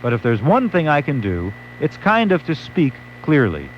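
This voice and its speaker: A man's voice: a little high, wildly swooping pitch, normal speed, a little hiss or hum. A male late-night radio host, telling a wry story and acting out quotes. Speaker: radio talk show host. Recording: dull lo-fi AM radio recording.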